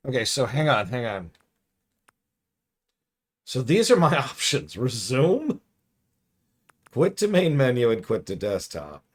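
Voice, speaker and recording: A man reviewing a game on a live stream, hoarse and losing his voice, chatty and thinking out loud. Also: mid-range voice, very animated, slow, long pauses. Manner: chatty, thinks aloud, restarts. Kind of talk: casual live-stream commentary.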